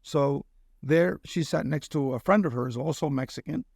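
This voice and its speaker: A man's voice: on the high side, normal speed, vocal fry, a little mellow, breathy edge, dry recording, clean studio sound. A middle-aged man from Cuba, a guest telling a personal story in casual conversation and often checking in with "okay?". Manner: earnest storyteller who keeps checking in with "okay?".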